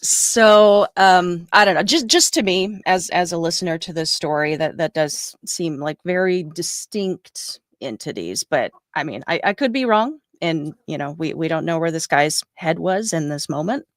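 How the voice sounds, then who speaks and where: Low-voiced woman retelling a story. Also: normal speed, hardly any pauses, no room sound, studio quality. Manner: rambling, animated retelling with fillers and laughs. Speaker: podcast co-host. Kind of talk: casual storytelling chat.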